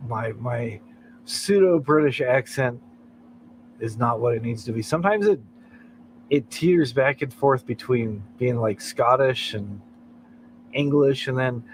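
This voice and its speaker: Chuckling between thoughts, an American livestream host rambles through casual late-night chat. His voice is medium-pitched, and the rough recording carries a little hiss or hum.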